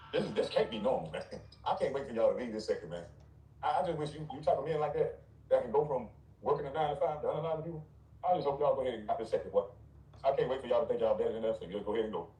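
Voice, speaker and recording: A man's voice: mid-range voice, a little mellow, far from the mic. A man ranting in a blunt, mocking, dismissive way, with scornful laughs. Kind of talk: ranting commentary. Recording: roomy, off-mic.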